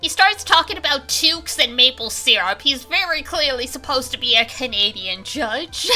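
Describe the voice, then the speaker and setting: Give me a joking young woman streaming a game, with a lively, sing-song voice that is very bright. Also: high voice, unhurried, faint music behind. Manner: chatty, joking, laughs often. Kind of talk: let's-play commentary.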